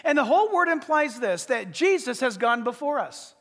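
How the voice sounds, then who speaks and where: A male pastor preaching a sermon, emphatic, often pausing to say "listen" to press his points. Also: very high-pitched, sing-song, fairly bright tone. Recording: reverberant hall.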